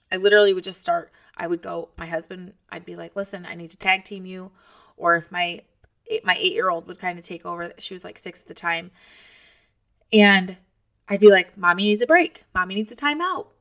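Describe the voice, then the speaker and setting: Creaky yet bright and forceful, a medium-pitched female voice belongs to a podcast host in her thirties. She talks to other moms in a chatty, encouraging, casually motivational way, speaking right to the listener.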